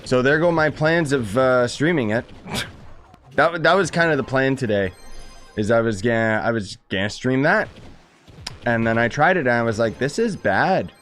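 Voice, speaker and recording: A man with a mid-range voice that swings lively up and down as he chats over gameplay. He rambles and jokes, restarting his sentences. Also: mid-range voice, moderate pace, soft background music. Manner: rambling, joking, with frequent restarts. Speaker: gaming streamer. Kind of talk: casual gameplay chat.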